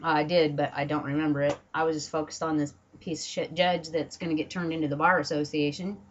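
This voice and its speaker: A woman's voice: sits low, little pitch movement, fast talker, dull audio, slight background noise. A woman from Washington State delivering an angry, profane political rant at home, with sarcastic mock quotes. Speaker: political vlogger. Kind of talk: angry ranting monologue. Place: home, dogs barking nearby.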